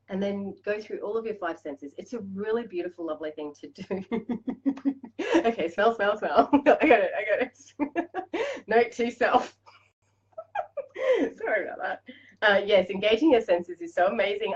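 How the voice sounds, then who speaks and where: A woman's voice: mid-range voice, darkish tone, dull audio. An Australian woman hosting a live-stream coaching chat, bubbly and chatty, laughing often. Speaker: life coach host.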